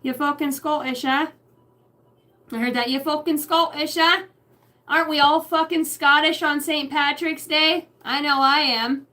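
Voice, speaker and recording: A woman voicing a rowdy, swearing spirit that claims to be Scottish, in a loud mock accent. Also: high-pitched, fairly even intonation, unhurried, pitched above the performer's own voice.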